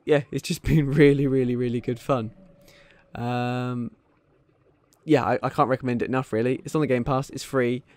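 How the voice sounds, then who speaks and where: A man talks through a video game as he plays, chatty and enthusiastic, often pausing on an um. His voice sits in an ordinary middle register. It is relaxed, running commentary for his own channel. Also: medium pitch. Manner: enthusiastic, chatty, frequent ums. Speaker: gaming channel host. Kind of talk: casual gameplay commentary.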